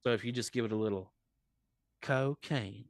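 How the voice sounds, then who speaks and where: A man's voice: lowish voice, steady tone, racing, dry recording, clean studio sound. A man who is a comedian, chatting casually on a podcast as a guest and telling rambling, profane stories.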